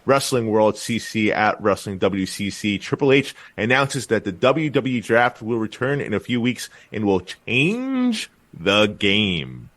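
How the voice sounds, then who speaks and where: A man co-hosting a wrestling podcast, talking in a loose, animated way with lots of fillers and restarts. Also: on the low side, normal speed, few pauses. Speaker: podcast co-host. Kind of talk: casual wrestling podcast chat.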